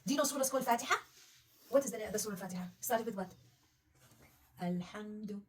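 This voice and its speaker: A woman tutors a beginner, her voice high and bright in pitch. She talks patiently and coaxingly, asking one question after another. The mic sits a bit away from her, with a faint hiss underneath. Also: racing, recorded from a distance. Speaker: Arabic reading teacher. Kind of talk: one-on-one reading lesson.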